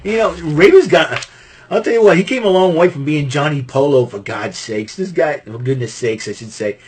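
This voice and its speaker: Speaking at a normal speed, this husky, slightly high-voiced host from Massachusetts talks through a wrestling event. His casual recap wanders, full of laughter, animation and restarts.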